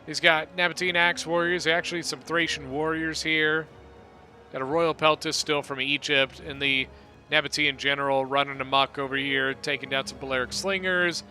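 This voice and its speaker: Guy casting a strategy game match, kinda high voice, really bright tone, faint music under it. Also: moderate pace. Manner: relaxed rambling play-by-play, self-correcting. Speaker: game commentator. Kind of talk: casual gameplay commentary.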